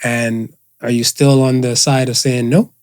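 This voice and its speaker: A man's voice: medium pitch, level tone, measured pace, a little mellow, clear, resonant tone. A man co-hosting a casual podcast, rambling and padding his points with filler phrases. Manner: rambling, fills with "and stuff". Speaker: podcast co-host.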